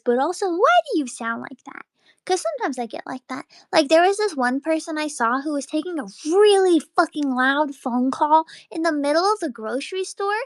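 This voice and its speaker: A woman streamer chatting casually late at night, rambling excitably and laughing often. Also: sits high, dry recording.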